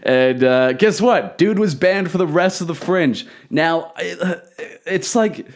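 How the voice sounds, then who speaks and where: A young man, a comedian hosting his own podcast, telling a story in a casual, profane monologue and acting out the quotes. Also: measured pace. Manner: profane, animated, acts out quotes with raised pitch.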